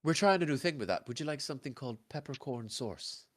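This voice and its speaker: A man voicing a brisk, chatty female waitress who explains everything politely and at length. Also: medium pitch, animated, voice pushed up, close to an everyday voice.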